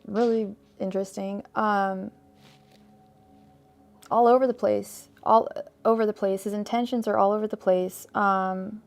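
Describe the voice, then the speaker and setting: A woman's voice: medium pitch, little pitch movement, measured pace, vocal fry, faint music behind. A woman reading tarot cards on a live stream, chatty and digressive, full of fillers and restarts. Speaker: tarot reader.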